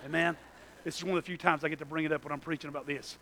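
A man, preaching a sermon in a church and telling a personal story that swings from hushed to shouting. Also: on the high side, little pitch movement, very fast, low-quality recording. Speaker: pastor.

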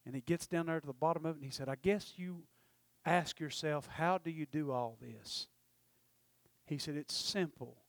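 A man preaching a testimony, storytelling with passion and swinging from loud to hushed. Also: on the high side, moderate pace, no room sound. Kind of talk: sermon testimony.

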